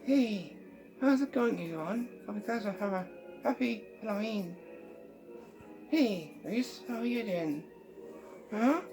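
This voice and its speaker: A man doing a squeaky talking flower. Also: vocal fry, poor audio. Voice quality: high squeaky ventriloquist voice, lips shut. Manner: bubbly, greeting everyone. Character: chatty cheerful talking flower puppet.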